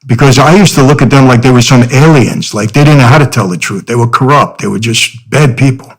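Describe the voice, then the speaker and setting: A man's voice: medium pitch, fairly quick, rough recording. A middle-aged man, a podcast guest, telling his story in an earnest, conversational way with many "you know" fillers.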